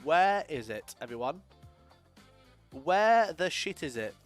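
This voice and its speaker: Sweary young guy on a livestream, kinda high voice that jumps all over, bit of music in the back. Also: big pitch swings, slow. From Sheffield, England. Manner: sweary, laughs often, swings loud and quiet. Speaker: streamer. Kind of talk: casual live-stream chat.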